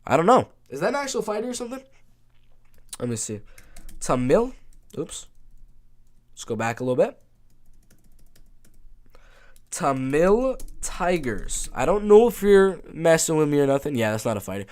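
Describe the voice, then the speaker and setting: A man's voice: fairly high pitch, big pitch swings, normal speed, pauses often, a little mellow. A man running a casual live stream, reading chat questions aloud and answering in a laid-back, offhand way.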